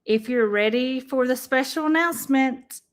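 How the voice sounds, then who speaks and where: A woman hosting a casual livestream, chatting warmly to her viewers and calling them y'all. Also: high-pitched, normal speed. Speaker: livestream host.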